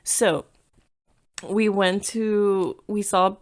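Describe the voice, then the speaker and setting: A woman in her thirties from the United States talks through her own podcast in a relaxed, chatty way. She leans on "like" and drops Spanish phrases into her English as she tells stories. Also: medium pitch, very slow. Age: 30s. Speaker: podcast host. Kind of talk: casual solo podcast storytelling.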